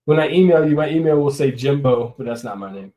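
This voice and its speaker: On his own livestream, a man from the American West Coast shows off coins, rambling and frequently laughing. His mid-range voice is animated and quick with a dark tone, though the audio quality is poor.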